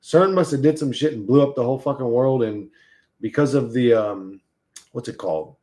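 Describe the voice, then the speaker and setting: A man's voice: mid-range voice, moderate pace, dark tone. A man hosting a casual livestream, rambling and swearing as he talks to his chat and to his dog. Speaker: livestream host.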